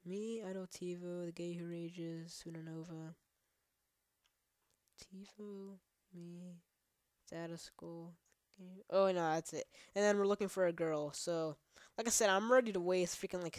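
A woman's voice: lowish voice, steady tone, moderate pace, darkish tone, no echo, clean studio sound. A woman giving rambling, profane let's play commentary while she plays, trash-talking the game between chatty asides. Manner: rambling, profane, many fillers. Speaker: gaming channel host.

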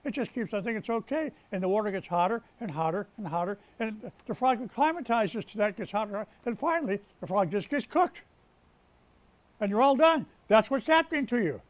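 A man's voice: high voice, animated, brisk. A man preaching a sermon as pastor, stressing words as he builds up and often restarting his sentences mid-thought. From United States. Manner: preaching with rising emphasis and repeated words. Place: rescue mission chapel.

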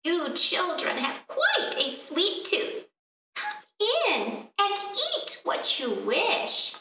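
A woman's voice: very high voice, huge pitch swings, very slow, pushed and bright, voice pushed up, heavily acted. A woman voicing a sly, greedy old witch in a read-aloud fairy tale, heard in an echoey room from some distance. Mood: coaxing. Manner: coaxing then menacing, raised voice. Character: sly old female witch, hungry for children. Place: library room.

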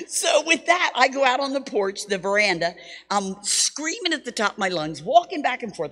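Lively woman preacher in a reverberant hall. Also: mid-range voice, moderate pace. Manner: lively, self-mocking, animated storytelling. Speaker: Bible school teacher. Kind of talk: storytelling sermon. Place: church hall.

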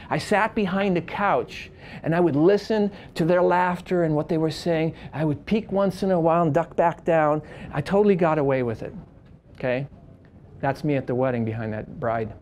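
A wedding photographer teaching a seminar, telling stories in an animated, conversational way with frequent restarts and big swings from quiet to loud. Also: male voice, fairly high pitch, slight background noise. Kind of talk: lively storytelling lecture.

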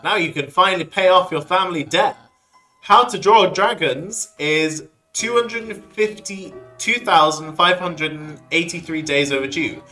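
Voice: mid-range voice, measured pace, sharp tone, soft background music, poor audio. A streamer doing a prim librarian monster. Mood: officious.

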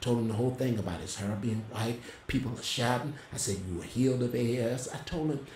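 A middle-aged man telling a personal testimony in a casual, animated way, as a co-host. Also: quick pace, hardly any pauses, slight background noise. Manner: animated storyteller, voice jumps high when quoting. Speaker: prophet and co-host. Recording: roomy echo.

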